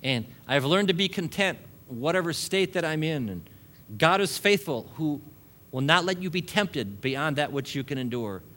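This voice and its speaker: A man's voice: a little high, animated, moderate pace, a bit bright. A male pastor preaching a sermon to a congregation, building long repeated lists and chuckling often between points.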